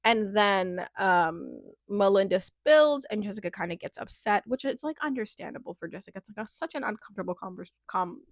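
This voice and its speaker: A woman's voice: mid-range voice, animated, brisk, few pauses, no room sound, clean studio sound. A woman giving a casual, chatty recap of a reality show, rambling with lots of fillers and acting out quotes with a laugh.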